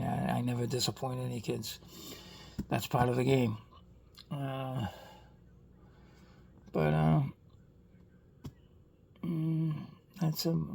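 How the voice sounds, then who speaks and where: Gravelly-voiced Boston man, chatty vlogger who rambles with lots of "you know what I mean.". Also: medium pitch, a little mellow, slight background noise. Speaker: toy car customizer vlogger. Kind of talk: casual rambling vlog chat.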